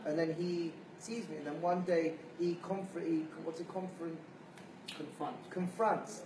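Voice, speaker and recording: A rabbi lectures with animated storytelling. He sounds distant in a roomy space, with a faint hiss beneath his voice. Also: on the high side, a little slow. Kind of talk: sermon-style lecture.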